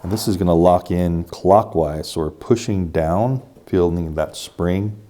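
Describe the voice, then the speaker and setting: A man's voice: low voice, a little slow, dark tone. A man casually talking viewers through a gadget review and setup, step by step with enthusiasm. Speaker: tech reviewer.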